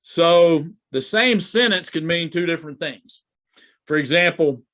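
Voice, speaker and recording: A man's voice: a little high, a little slow, fairly bright tone. A man talking as a business coach in a casual, conversational way, often repeating and restarting his words. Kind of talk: casual talk to camera. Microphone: video recording to camera.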